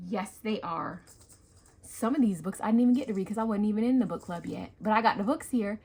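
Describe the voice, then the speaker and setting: A woman hosting a craft vlog, unboxing happy mail with excited gasps and gushing chatter. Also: medium pitch, moderate pace, creaky, husky. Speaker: craft channel host.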